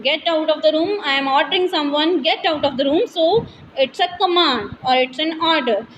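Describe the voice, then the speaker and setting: A woman's voice: high-pitched, slight background noise, rough recording. A woman with an Indian English accent teaching an online grammar lesson, explaining step by step with repetitions and fillers.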